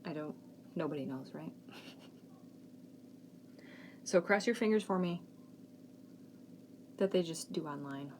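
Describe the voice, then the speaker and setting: A woman in her thirties chats casually and frankly as a podcast host, her voice pitched on the low side. A faint hiss of background noise sits under the recording. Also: slow pace, pauses often, darkish tone. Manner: chatty, frank, fretful about the kids' schooling. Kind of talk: casual chat.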